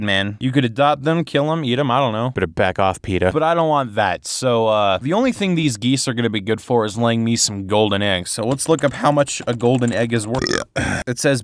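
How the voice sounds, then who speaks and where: A man doing comedic voice-over commentary, sarcastic and rambling, sometimes putting on mock-yelling rants. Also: mid-range voice, dry recording, clean studio sound. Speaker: animated comedy video host.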